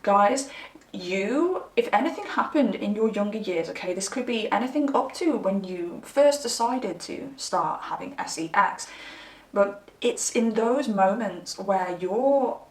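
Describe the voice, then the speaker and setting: A woman's voice: medium pitch, lively intonation, unhurried, echoey room, distant mic. A young woman chatting candidly to her viewers while giving a pick-a-card tarot reading. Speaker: tarot reader.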